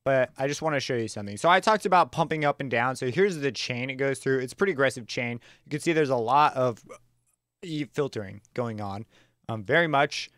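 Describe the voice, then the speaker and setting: A man walks through a music production tutorial in a smooth, resonant voice, recorded close and dry with no room sound. He talks in a relaxed, enthusiastic way, throwing in slang, fillers and quick self-corrections. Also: mid-range voice, no room sound. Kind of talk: casual screen-recorded software tutorial.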